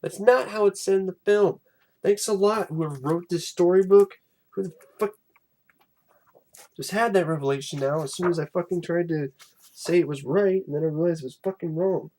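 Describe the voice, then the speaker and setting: A young man giving a casual, exasperated film commentary, animated and swearing freely. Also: sits high, normal speed. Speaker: film reviewer.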